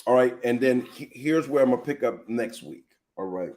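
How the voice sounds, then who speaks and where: A man hosting a live teaching show as a pastor, telling animated personal stories and speaking straight to his viewers. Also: mid-range voice, moderate pace.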